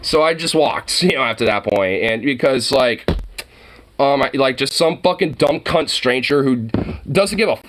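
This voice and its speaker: With slight background noise, a male vlogger vents on camera in a medium-pitched, expressive, fairly bright voice at a moderate pace. His heated, rambling monologue is thick with profanity and fillers like "you know" and "like."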